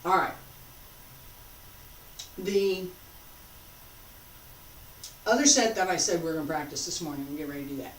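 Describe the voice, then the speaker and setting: A woman teaching a qigong class, calmly giving breathing and movement cues. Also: low voice, normal speed, pauses often. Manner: calm, guiding cues paced to breathing. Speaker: qigong instructor. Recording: echoey room, distant mic, faint noise.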